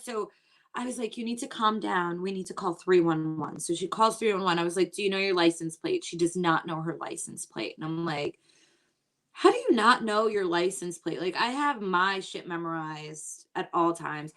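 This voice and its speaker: Speaking at normal speed in an expressive, fairly bright mid-range voice, a woman comedian performs stand-up from home for an online audience. Her chatty routine is built on exasperated stories with quoted voices.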